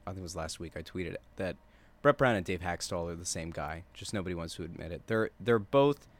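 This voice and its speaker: A man co-hosting a sports podcast who rambles in a self-deprecating way and trails off low. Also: lively intonation, fairly quick. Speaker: podcast co-host. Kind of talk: casual sports podcast chat.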